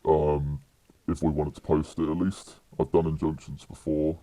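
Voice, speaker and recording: Very deep-voiced young British man. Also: little pitch movement, normal speed, mellow, dry recording. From United Kingdom. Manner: rambling, with many fillers and restarts. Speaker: podcast guest. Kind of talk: casual storytelling.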